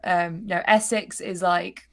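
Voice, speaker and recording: A woman's voice: lowish voice, fairly even intonation, takes it slowly. A woman with a Manchester accent, a chatty and self-deprecating guest on a live-stream panel chat. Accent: Manchester English. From Manchester, England.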